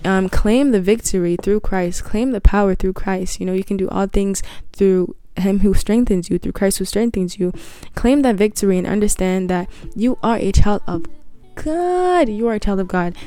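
A woman's voice: medium pitch, mellow, smooth, no echo. A young woman hosting a casual Christian podcast, talking earnestly and bluntly with slang and restarts, a little tired. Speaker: podcast host.

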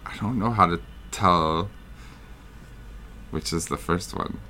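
Deep-voiced easygoing man co-hosting. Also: slow pace, sharp tone, a little hiss or hum. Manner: easygoing, agreeable, laughs a lot. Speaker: podcast co-host. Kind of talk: casual chat. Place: New York.

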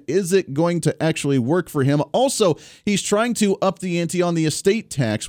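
Chatty, wry radio talk show host. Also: male voice, a little high, darkish tone, no room sound, clean studio sound. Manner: chatty, wry, frequent restarts. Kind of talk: political commentary.

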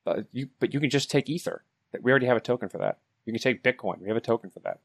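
A man's voice: medium pitch, animated, racing, husky, no room sound. A man co-hosting a casual podcast, ranting with repeated words and restarts. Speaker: podcast co-host.

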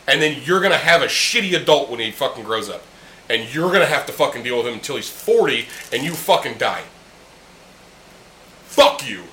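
Speaking at a normal speed in a medium-pitched, animated voice that sounds pushed and bright, this man hosts a casual podcast, drinking beers with friends in a room and talking bluntly, heatedly, and with lots of profanity. There's a roomy echo and a faint background hum.

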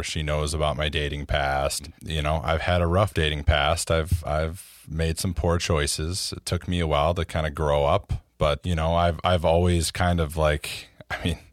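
Deep-voiced, halting man. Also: steady tone, no echo, studio quality. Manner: halting, repeats words, self-deprecating. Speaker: podcast co-host. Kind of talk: casual chat.

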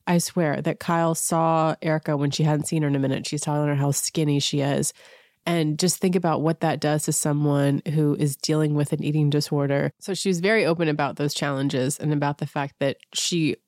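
A woman with a low, deep voice chats through a casual recap as a podcast host, full of sarcasm and quick mimicry of the people she quotes. Her voice sounds close and dry, with no room around it. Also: steady tone, darkish tone, no room sound.

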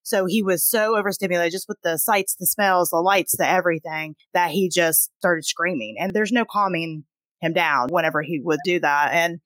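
A woman's voice: fairly low pitch, moderate pace, fairly bright tone, dry recording. Earnest mother on a podcast panel. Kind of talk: casual panel chat.

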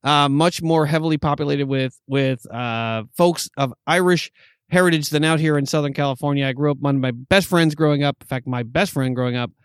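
A man in his forties from New York State chats casually as co-host, rambling and stopping often with fillers. His voice sits a little high. The sound is close and dry. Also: clear, resonant tone, dry recording. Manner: rambling, halting with many fillers. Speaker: podcast co-host. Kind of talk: casual chat. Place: Southern California.

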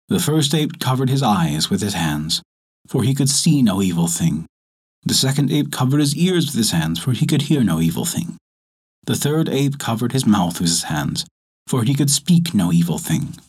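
A man reading a folktale aloud as a storyteller, in measured, expressive narration. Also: fairly low pitch, breathy edge. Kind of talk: scripted narration.

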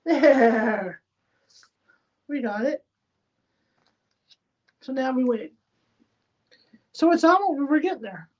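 A woman with a fairly high voice hosts a casual live stream from a spare room at home. She talks her way through each step of a craft project, often half-muttering to herself. The recording sounds dull and lo-fi. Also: animated, takes it slowly, pauses often. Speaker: livestream host. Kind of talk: casual running commentary while crafting. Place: spare bedroom at home used as a studio. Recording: dull lo-fi sound with faint noise.

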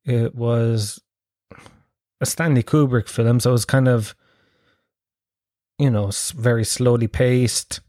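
A man's voice: mid-range voice, fairly even intonation, slow, long pauses, mellow, no room sound, clean studio sound. A man chatting casually as a podcast host, rambling, swearing and poking fun at himself. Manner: sweary, rambling, self-mocking. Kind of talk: casual chat.

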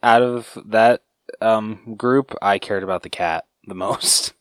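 A man with a somewhat low voice talks casually in podcast banter. He often hesitates and restarts, dropping fillers along the way. The recording is dry and close-miked. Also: slow pace, no room sound. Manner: chatty, hesitant, says um and dude a lot. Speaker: podcast co-host. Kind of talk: casual movie chat.

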